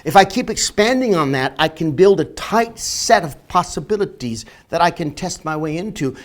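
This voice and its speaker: A man lecturing on marketing to online viewers, emphatic and slowing down to stress key words. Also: fairly high pitch, lively intonation. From northern Canada. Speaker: marketing educator. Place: Florida, near the beach.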